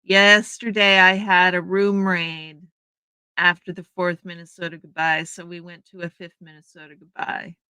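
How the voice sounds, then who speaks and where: A woman hosting a live stream takes her time, greeting each viewer by name in a chatty, welcoming way. Her voice is bright, smooth and a little high. The sound is dry and close, with no room in it. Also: flat delivery, moderate pace, no echo. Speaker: livestream host. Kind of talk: casual chat reading out viewer comments. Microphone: streaming setup microphone.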